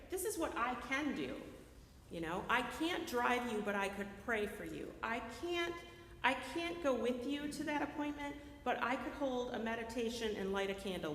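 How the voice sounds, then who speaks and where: A woman preaching a sermon in a lively, conversational way, often checking in with her listeners by asking "right?". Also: a little high, a little hiss or hum. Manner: animated, keeps checking in with the audience by asking "right?". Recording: echoey hall with long reverb.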